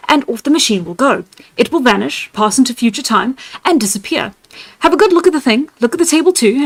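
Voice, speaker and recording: A woman voicing an earnest Victorian gentleman inventor, explaining his machine eagerly. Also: a little high.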